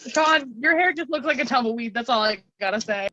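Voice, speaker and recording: A woman's voice: on the high side, animated, fairly quick, pushed and bright. A woman contestant doing a short comedy roast over voice chat, blunt and laughing at her own jokes. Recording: dull lo-fi voice chat.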